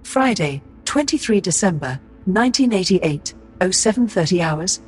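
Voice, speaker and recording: A man putting on a crisp, clipped announcer voice for place and time stamps. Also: sits high, lively intonation, moderate pace, faint music behind, voice pushed up.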